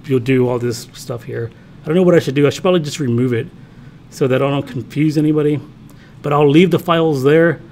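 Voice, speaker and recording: A man's voice: fairly high pitch, darkish tone, slight background noise. A man teaching a programming class, talking casually and thinking aloud as he codes, often checking in with students. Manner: casual, thinks aloud while typing, talks to himself. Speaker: college programming instructor. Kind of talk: classroom lecture with live coding.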